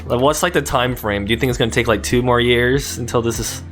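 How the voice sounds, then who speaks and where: A man co-hosting a relaxed podcast conversation from Japan. He laughs easily and often stops to restart his thoughts. Faint music plays underneath. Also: medium pitch, quick pace. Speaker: podcast host. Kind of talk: casual chat. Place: lives in Japan.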